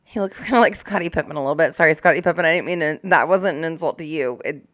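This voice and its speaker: A woman's voice: deep voice, fast talker, fairly bright tone, no room sound, studio quality. A young woman who works as a corrections officer, reacting to news clips in casual, blunt, profane chat full of "like". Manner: blunt, profane, chatty with many likes.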